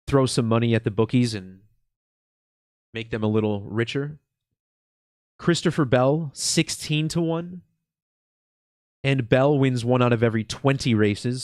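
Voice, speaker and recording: A congested man hosts his own channel in a relaxed, slow chat, full of ums and restarts. His voice sits at an ordinary middle pitch. The sound is dry and close, with no room around it. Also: no room sound. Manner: relaxed, slow and chill, with many fillers. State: congested from a cold. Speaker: channel host. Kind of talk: casual video commentary.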